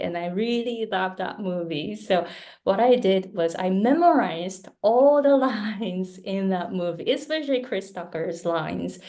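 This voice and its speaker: A woman's voice: medium pitch, dark tone. A woman whose first language is Japanese, answering questions as a guest speaker in an online Q&A and explaining patiently with examples.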